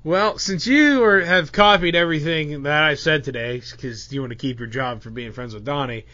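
A man hosting a podcast in casual banter, loud and teasing. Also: on the high side, normal speed. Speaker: podcast host. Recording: dull lo-fi podcast audio.

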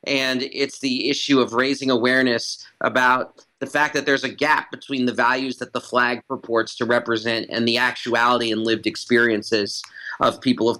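A man's voice: medium pitch, sharp tone, rough recording. A man speaking as a guest commentator in an interview, making his case emphatically and repeating phrases for stress. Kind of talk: analytical interview talk.

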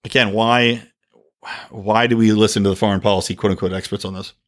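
A man's voice: fairly low pitch, fairly even intonation, brisk. A man hosting a solo political podcast, delivering opinionated, profane and sarcastic rants. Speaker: podcast host.

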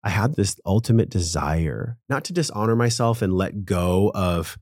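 Deep-voiced man telling a heartfelt story. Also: animated, moderate pace, a little mellow, no echo, studio quality. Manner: earnest, emotional, casual with swearing. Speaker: podcast guest. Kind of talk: candid personal storytelling.

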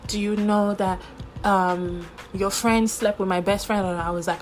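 A woman hosts her podcast alone, telling a personal story in a loose, candid way. Her talk is full of fillers and casual swearing. Faint music sits low behind her voice. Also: steady tone, a little slow. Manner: candid and chatty, swears freely, many fillers. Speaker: podcast host.

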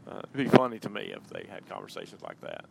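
A man's voice: fairly low pitch, huge pitch swings, fast, gravelly, slight background noise. A man hosting a podcast, chatting loosely in a rambling way, full of ums and uhs, while driving his car. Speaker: podcast host. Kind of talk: casual rambling monologue.

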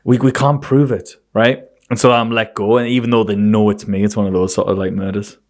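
A man's voice: on the low side, flat delivery, quick pace. A young man, rambling and joking with many fillers in a casual chat.

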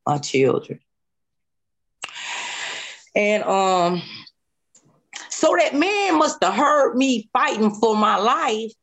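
A woman guest telling her own survival story in an interview, animated, acting out what people said and repeating phrases. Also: on the high side, very slow, long pauses. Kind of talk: emotional personal testimony.

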